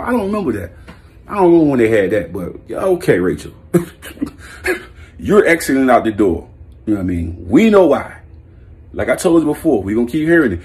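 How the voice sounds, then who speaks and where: A man's voice: medium pitch, sing-song, fairly quick, pauses often, darkish tone, husky. A man giving a blunt, heated, profane sports opinion rant as a vlog host, breaking into laughs. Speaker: sports commentary vlogger.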